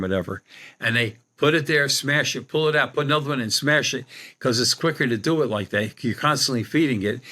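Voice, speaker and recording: Bright-voiced older man telling a long story. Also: medium pitch. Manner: rambling, anecdotal, many restarts. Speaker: guest, psychic medium. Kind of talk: storytelling in a podcast interview.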